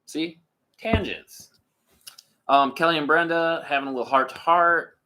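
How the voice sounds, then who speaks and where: A man in his thirties co-hosting a podcast in casual recap chat. He is animated, swears freely and drifts into tangents. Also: a little high, a little slow. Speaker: podcast co-host.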